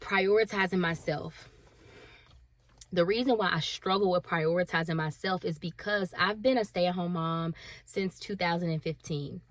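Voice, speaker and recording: A woman's voice: fairly low pitch, dry recording. Earnest, candid woman vlogger, dry sound. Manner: earnest and emotional, laughs at herself, acts out inner voices. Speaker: stay-at-home mom vlogger. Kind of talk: candid confessional talk to camera.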